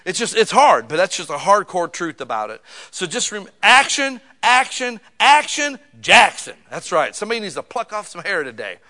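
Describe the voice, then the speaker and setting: A male pastor preaching a sermon in a church, joking and casual, swinging from quiet asides to loud bursts. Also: sits high, very animated, brisk.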